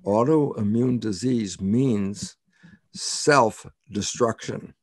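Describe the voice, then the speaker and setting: A man's voice: on the low side, very slow, dry recording, studio quality. An older man being interviewed as a scientist, explaining in an emphatic way, repeating key words and quoting himself.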